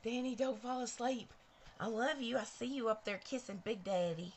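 Gushing and chatty, a middle-aged livestream host talks straight to her viewers at home as she does her makeup. Her fairly high, slightly mellow voice stays fairly even at a moderate pace, picked up by a cabled mic near a ring light with slight background noise.

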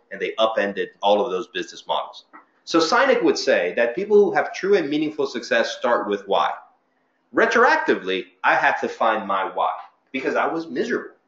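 A middle-aged male physician giving an informal talk to trainees, telling stories conversationally and acting out the people he quotes. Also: mid-range voice. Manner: conversational storytelling with lively quoted voices. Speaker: physician speaker at a training seminar. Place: lecture room. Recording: roomy, slightly muffled lecture recording.

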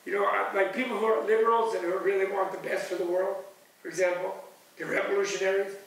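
In a big, echoing hall at a retreat center, a spiritual teacher delivers his closing talk in a high, gravelly voice, talking fast. He wanders off on tangents, chuckles often, and imitates other people's voices. The room recording sounds distant and reverberant, with faint hiss.

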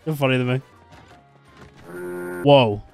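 A young man streaming a game live, excitable and foul-mouthed, reacting loudly and laughing often. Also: slow pace, soft background music. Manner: excitable, swearing, laughing often, jumps up and down in pitch.

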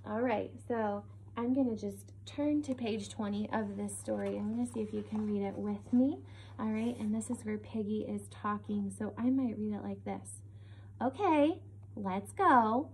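A young adult woman teacher giving a reading lesson to young children, expressive and encouraging, checking in with little questions. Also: mid-range voice, slight background noise.

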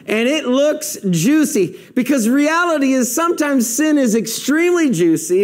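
A male pastor preaching a sermon in an animated, conversational way, illustrating his points with object lessons. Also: very high voice, moderate pace, few pauses. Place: church, streamed online.

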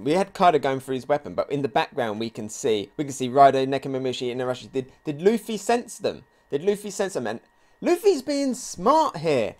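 A man hosting a live comic reaction video, reading pages aloud and thinking out loud with excitement. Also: fairly high pitch. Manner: excitable, thinks aloud, reads quotes along. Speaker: manga reaction video host.

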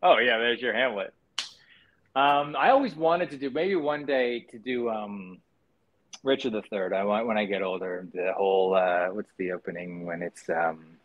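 A male actor, a guest in a casual interview, talking in a relaxed and candid way, acting out quotes as he goes. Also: lowish voice, normal speed, muffled recording. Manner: relaxed and candid, with frequent restarts and acted-out quotes.

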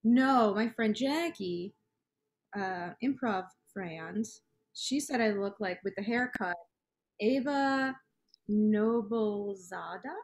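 A woman's voice: medium pitch, slow pace. A woman co-hosting a casual chat, talking loosely and trailing off mid-sentence. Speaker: podcast co-host.

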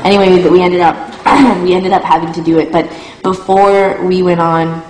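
A woman's voice: lowish voice, fairly even intonation, moderate pace, a little mellow. A young adult woman musician telling a rambling tour story in casual chat, with lots of "like" and "um". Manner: rambling, full of "like" and "um", laughing at her own story. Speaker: touring musician. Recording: echoey room.

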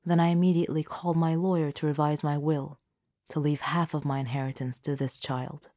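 A woman voicing a stern, angry father who is confronting his children, read in her own narrating voice in an animated storybook. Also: deep voice, a little fast, close to an everyday voice. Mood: accusing.

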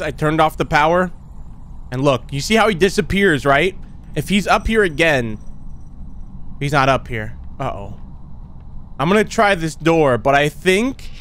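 A man's voice: a little high, fairly bright tone. Jumpy young man narrating a horror game. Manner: jumpy, chatty, calls viewers "dude"; shrieks when scared. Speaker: gaming YouTuber.

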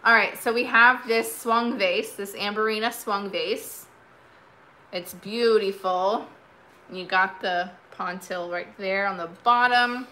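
A woman's voice: mid-range voice, slow pace, pushed and bright, rough recording. A woman hosting a live vintage sale, chatting casually and repeating each bid aloud.

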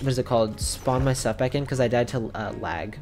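A streamer chatting casually while gaming, excitable, gasping and quick to panic. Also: male voice, mid-range voice, faint music behind.

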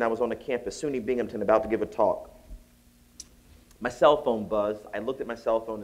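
A man giving a storytelling keynote at a conference, acting out the people in his story and rising to high exclaims. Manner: animated, acts out voices, rises to high exclaims. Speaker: keynote speaker. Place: conference hall.

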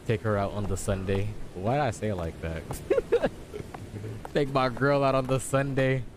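A man's voice: on the low side, noisy background. A young man giving jokey let's-play commentary on a horror game, reacting aloud and talking back to the characters. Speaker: gaming YouTuber.

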